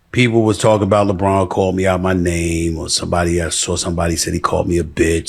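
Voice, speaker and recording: A man with a deep, somewhat husky voice speaks in a clip played into the show. He recounts an incident firmly and emphatically, set on correcting false reports.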